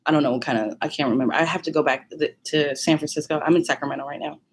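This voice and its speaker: A woman vlogger telling a personal story in an animated, casual way, full of fillers and laughs. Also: deep voice, racing, slightly rough. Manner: animated, many fillers, laughs while talking.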